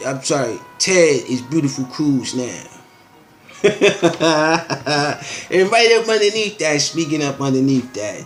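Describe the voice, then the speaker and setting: Male host, unhurried, somewhat high voice; casual rambling news commentary, slangy asides. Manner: loose and slangy, with frequent asides and filler phrases.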